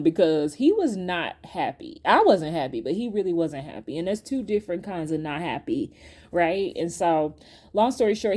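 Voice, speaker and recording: A woman hosting her own podcast, telling a storytime in a chatty, animated way and talking straight to her listeners. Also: lowish voice. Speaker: podcast host. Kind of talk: casual storytime to viewers.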